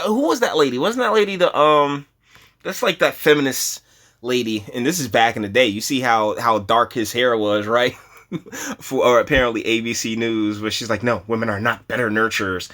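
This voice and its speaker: A man hosting a casual reaction commentary, talking in an animated, rambling way with repeated words and laughs. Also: mid-range voice, moderate pace. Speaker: commentary channel host.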